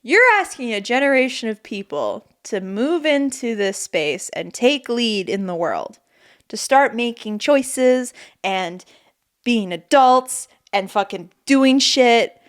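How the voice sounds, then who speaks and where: A young woman in her twenties co-hosting a podcast, telling animated stories with lots of swearing. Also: a little high, takes it slowly. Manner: animated storytelling, swears freely, acts out quotes. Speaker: podcast co-host. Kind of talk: casual chat.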